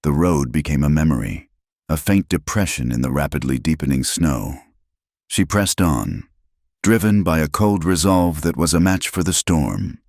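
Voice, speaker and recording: Deep voiced guy reading a western story, slow dramatic measured delivery, dry sound. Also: lively intonation, a little mellow, no room sound. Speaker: narrator. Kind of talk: scripted storytelling narration.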